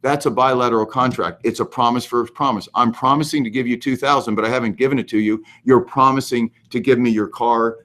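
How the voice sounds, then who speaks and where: A man hosting a live question-and-answer show, giving animated, emphatic advice and explaining the law step by step. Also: medium pitch, fast talker, hardly any pauses. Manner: animated, emphatic, goes overboard. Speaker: host answering real estate questions.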